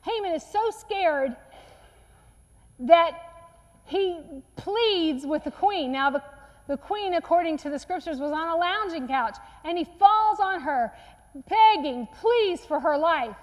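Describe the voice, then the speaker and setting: Woman preacher, high voice, earnest storyteller, church sermon with long reverb. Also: animated, slow pace. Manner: earnest storytelling, acts out quotes softly. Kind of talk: sermon retelling a Bible story. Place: church sanctuary.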